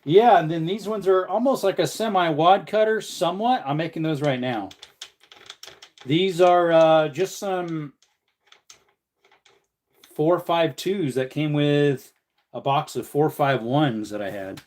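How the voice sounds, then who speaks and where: A man's voice: fairly high pitch, a little slow, long pauses, darkish tone. A man hosting a casual live stream, joking and answering viewer comments while he hand-loads ammunition at his bench. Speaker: livestream host.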